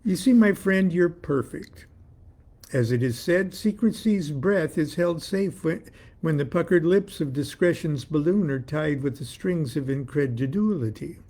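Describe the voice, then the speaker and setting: Smug mystic master, played by a man, cryptic and pompous, raspy, gravelly edge. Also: fairly high pitch, lively intonation, measured pace, dark tone. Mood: brisk, smug. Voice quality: phony European accent at first, later plain. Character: mysterious male secret master, smug and teasing.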